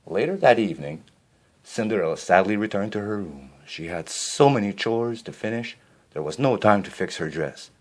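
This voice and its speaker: A man reading a children's storybook aloud, expressive, with a few small slips and restarts. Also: lowish voice, moderate pace.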